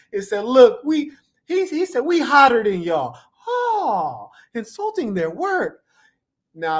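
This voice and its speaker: A man talks over clips in a relaxed, joking reaction style. He tells stories with lots of slang and a playful edge. His voice sits a little high for a man. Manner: playful, animated storytelling with slang. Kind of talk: casual reaction commentary.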